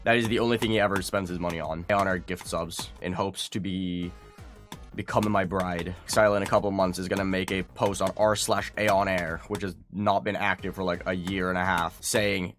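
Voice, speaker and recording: A man giving casual gaming stream commentary, excitable and loose-tongued, swearing and bursting into laughter. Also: low voice, brisk, soft background music.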